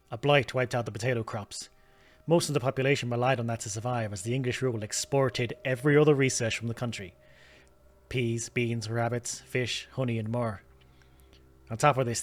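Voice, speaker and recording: A man's voice: medium pitch, natural voice. A man voicing a grave Irish scholar in a game, reading steadily with an Irish accent. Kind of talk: reading game dialogue aloud.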